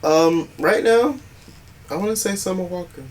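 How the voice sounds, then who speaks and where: A young man co-hosting a podcast, chatting casually, teasing and quick to joke. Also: high voice. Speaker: podcast co-host. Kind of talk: casual chat.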